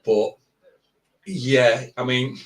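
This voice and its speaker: Male co-host, measured critique voice, mid pitch, roomy and distant from the mic. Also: steady tone. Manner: measured, plain-spoken critique with hesitations. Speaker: tattoo artist and co-host. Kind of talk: live stream critique chat.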